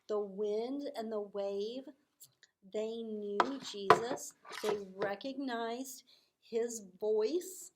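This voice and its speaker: A woman teaching children, telling a story with lively acted-out voices and hushed asides. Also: mid-range voice, noisy background. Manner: animated, acts out voices with big swells.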